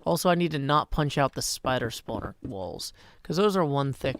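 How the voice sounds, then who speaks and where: A man's voice: mid-range voice, expressive, normal speed, slight background noise. A man in his thirties hosting a casual live game stream, chatting wryly with viewers and muttering to himself as he plays. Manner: chatty, wry, reads chat aloud, mutters to himself. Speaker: livestream host. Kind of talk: casual live-stream chat while gaming.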